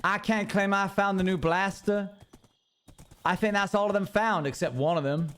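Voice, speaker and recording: A man's voice: high-pitched, moderate pace, a bit bright, smooth. A man streaming a game live, chatting with viewers and grumbling in playful mock annoyance.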